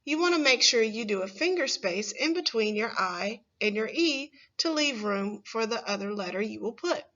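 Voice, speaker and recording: A woman teaching a phonics lesson to first graders, saying each word slowly and clearly for the children to repeat. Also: a little high, lively intonation, pushed and bright, lo-fi sound. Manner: slow, clear, stressing single words for children to repeat.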